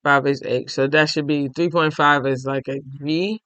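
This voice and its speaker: Tired chatty man, slightly high voice. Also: steady tone, normal speed, a bit bright, clean tone, no room sound. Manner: chatty, thinks aloud, addresses viewers directly. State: tired, yawning. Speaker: crochet and knitting podcast host. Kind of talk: casual show-and-tell chat.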